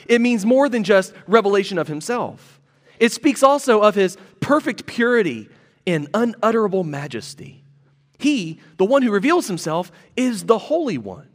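A man's voice: sits high, big-room sound. A man preaching a sermon as pastor, teaching earnestly and repeating key phrases for emphasis.

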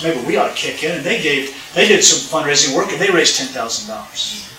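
Man, preacher, sermon storytelling, bright forceful voice, roomy church sound from a distant mic. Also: on the high side, fairly quick. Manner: animated, acts out dialogue, addresses congregation. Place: church sanctuary.

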